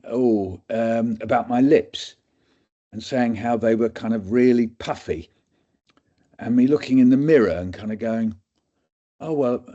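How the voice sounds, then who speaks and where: A man's voice: medium pitch, dark tone, dull audio. An older English man telling rambling, self-mocking anecdotes as a guest speaker on a webinar, slipping into quoted voices. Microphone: video call.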